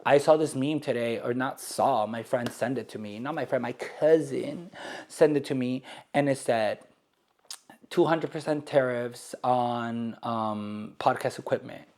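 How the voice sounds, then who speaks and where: A man's voice: medium pitch, measured pace, darkish tone. A young man ranting to camera in a sarcastic, rambling, dramatic way. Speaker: vlogger. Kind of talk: casual rant to camera.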